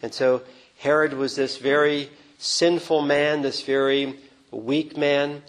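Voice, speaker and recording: A man preaching a sermon on a gospel passage, earnest and unhurried, with small restarts as he explains the text. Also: fairly high pitch, level tone, low-quality recording.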